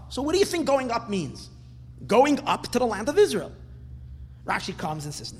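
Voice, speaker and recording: A man's voice: high-pitched, very animated, brisk, slightly rough. A man teaching a Torah class, asking questions and rising into emphatic bursts. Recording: hall reverb with faint ambience.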